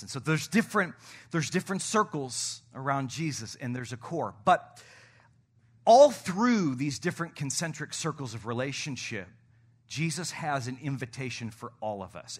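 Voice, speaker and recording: A male pastor preaching to his congregation in an energetic, playful, coaxing manner. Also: mid-range voice. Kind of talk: sermon. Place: church stage.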